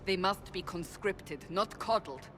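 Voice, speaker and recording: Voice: medium pitch, a little slow, a bit bright, slight background noise, lightly acted. Blunt stern warrior, voiced by an actress. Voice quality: blunt, firm.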